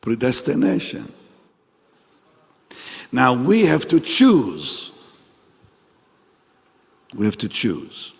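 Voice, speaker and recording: Male preacher: deliberate, lively delivery, husky edge, with long hall reverb. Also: medium pitch. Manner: emphatic, repeats phrases, questions the audience directly. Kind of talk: sermon at a pastors' meeting.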